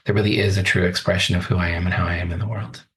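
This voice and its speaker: A man's voice: low-pitched, level tone, racing, fairly bright tone. A man in his forties, a coach, telling his life story as a podcast guest in a thoughtful, earnest way. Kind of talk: reflective interview talk.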